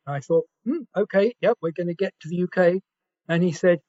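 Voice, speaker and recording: A man with a southern English accent shares a story on a panel, taking his time and now and then clearing his throat. His voice sits high, and the sound comes through dull and lo-fi. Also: steady tone, moderate pace, darkish tone. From Essex, England. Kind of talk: anecdotal panel reflection. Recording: dull lo-fi audio.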